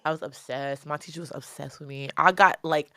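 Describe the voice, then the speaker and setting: A woman's voice: low voice, fairly quick, sharp tone, no echo, studio quality. A young woman from the Bronx with a New York accent, a rapper chatting animatedly in an interview, slangy and swearing freely. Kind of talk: casual interview talk.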